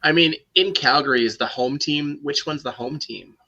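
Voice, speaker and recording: Bright-voiced man, off-mic, wry asides. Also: fairly high pitch, moderate pace, highs cut off. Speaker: podcast co-host. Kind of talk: casual sports talk.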